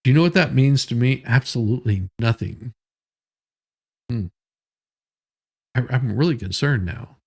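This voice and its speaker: A man's voice: medium pitch, expressive, measured pace, vocal fry, pauses often, a little mellow. A man hosting a morning news commentary stream, rambling and joking as he reads headlines and goes off on tangents. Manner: rambling, joking, self-interrupting. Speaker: host.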